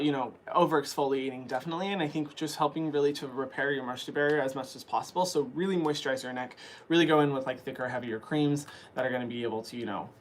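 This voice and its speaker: Young guy talking skincare, lots of ums and likes, kinda high voice, morning voice. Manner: chatty, frequent fillers like "um" and "like". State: early morning voice. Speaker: skin care channel host answering viewer questions. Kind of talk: casual chat.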